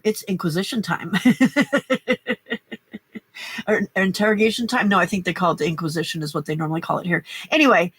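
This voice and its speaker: A woman's voice: mid-range voice, fairly bright tone, dry recording. An older woman hosting a late-night craft livestream, chatting casually with a stuffy nose, rambling and greeting viewers by name. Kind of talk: casual chat while crafting.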